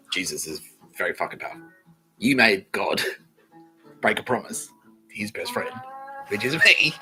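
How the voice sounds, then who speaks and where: A man hosting a podcast, rambling through a profane monologue that swings from low mutters to loud outbursts. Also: low-quality recording. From Australia. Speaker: podcast host.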